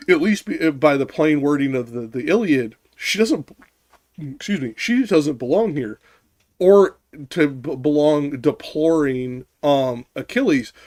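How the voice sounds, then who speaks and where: A man's voice: a little high, a little mellow. A man co-hosting a casual talk about a classic poem, arguing his point insistently, restarting sentences and swearing for emphasis. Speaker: podcast co-host. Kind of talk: casual discussion.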